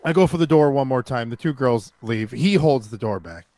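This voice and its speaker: A man's voice: mid-range voice, animated, a little fast, a little mellow, dry recording. A man co-hosting a podcast, telling a story with lots of swearing and acting out the people in it. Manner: swears a lot, acts out other people's voices in story. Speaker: podcast co-host. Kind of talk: animated storytelling, casual chat.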